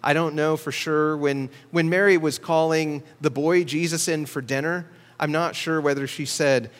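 Male pastor, fairly high voice, measured teaching delivery, church sanctuary with long reverb. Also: steady tone. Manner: measured teaching, slows to stress key words. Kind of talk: sermon.

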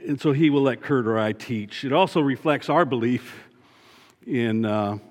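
A man's voice: mid-range voice, moderate pace. A man serving as a church elder, giving an earnest sermon and repeating his key points for emphasis. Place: church sanctuary. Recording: long church reverb.

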